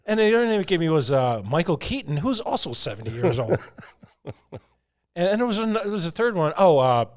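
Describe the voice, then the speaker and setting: A man's voice: a little high, very animated, brisk. Chuckling man co-hosting a podcast. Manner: rambling, chuckles often. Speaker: podcast co-host. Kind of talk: casual chat.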